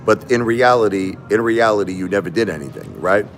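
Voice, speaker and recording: A man's voice: fairly low pitch, animated, fairly quick, soft background music. A man hosting a live stream in a casual monologue, aggrieved and repetitive, putting rhetorical questions to his viewers.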